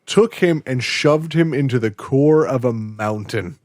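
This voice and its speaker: A man hosting a podcast, retelling an episode in a casual, animated storytelling way. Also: medium pitch, measured pace, no room sound, clean studio sound. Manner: animated storytelling, acting out quotes. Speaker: podcast host.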